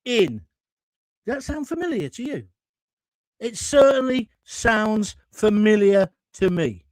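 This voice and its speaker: A man's voice: high voice, very animated, takes it slowly, darkish tone, no echo, low-quality recording. An indignant man from England hosts a live stream, his voice swinging widely up and down as he rants and reads out comments. The sound is dry and close, with no room around him. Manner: ranting, indignant, reads viewer comments aloud; swears, gets heated. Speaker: host of live call-in show. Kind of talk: opinionated live-stream monologue.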